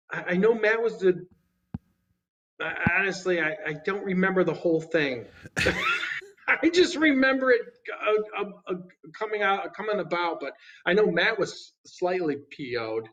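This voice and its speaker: Lively high-voiced man telling road stories. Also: dull audio. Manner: animated, laughing often, many restarts. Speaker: guest musician. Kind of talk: casual storytelling. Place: podcast studio.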